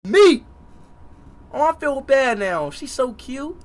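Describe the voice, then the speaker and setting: A young man giving loud, brash reaction commentary as a streamer, yelling and swearing heavily. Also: extremely high pitch, sing-song, slow, background noise.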